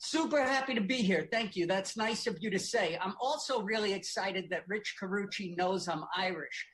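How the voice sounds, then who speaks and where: A man's voice: high-pitched, normal speed, fairly bright tone, a little hiss or hum. A middle-aged man from Brooklyn, a comedian guesting on a podcast, telling stories wryly and swearing casually. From Brooklyn, New York. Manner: wry storytelling, swears casually.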